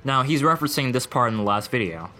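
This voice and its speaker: A young man giving deadpan, mocking commentary over gameplay clips. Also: mid-range voice, fast. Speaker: gaming video creator. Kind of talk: sarcastic gaming commentary. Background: faint music.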